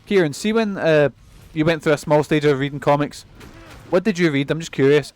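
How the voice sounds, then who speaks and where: A young streamer with a fairly high, clear, resonant voice talks briskly through casual gameplay commentary. He rambles, swears, and laughs often as he plays.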